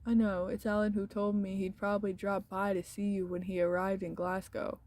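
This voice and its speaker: A woman's voice: medium pitch, little pitch movement, normal speed, darkish tone, lightly acted. A woman voicing a polite young adult French woman who asks questions in a game. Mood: inquiring.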